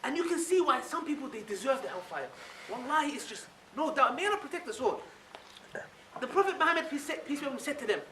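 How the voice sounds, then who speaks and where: A man giving an animated religious lecture to a live audience, firing off rhetorical questions and checking in with the listeners again and again. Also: extremely high pitch, quick pace. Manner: animated, keeps asking rhetorical questions with a tag "yeah?". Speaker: Islamic speaker addressing an audience. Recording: echoey room, voice from far off, faint noise.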